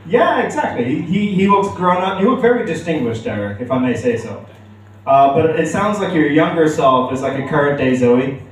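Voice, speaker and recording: A man's voice: fairly high pitch, animated, moderate pace, noisy background. A young man doing open-mic stand-up in a club, rambling with self-deprecating asides. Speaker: stand-up comedian. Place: comedy club stage. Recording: echoey club room, mic from far.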